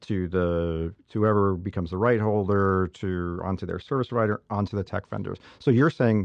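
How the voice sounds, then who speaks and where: Low-voiced man, dull dry sound. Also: moderate pace, vocal fry, few pauses, darkish tone, dry recording. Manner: probing, pushes back with questions. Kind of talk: casual debate.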